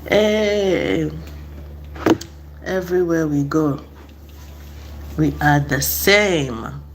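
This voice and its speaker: A woman's voice: low-pitched, very slow, background noise. A woman from Africa, a mother, telling stories casually and acting out voices with frequent laughter. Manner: animated, acts out voices, laughs often. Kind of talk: casual storytelling vlog.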